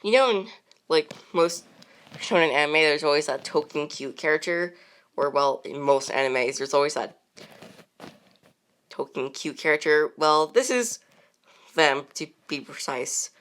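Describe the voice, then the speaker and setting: A woman's voice: deep voice, lively intonation, unhurried, long pauses, fairly bright tone. A woman chatting casually and unscripted as a channel host, rambling with many fillers and frequent laughs.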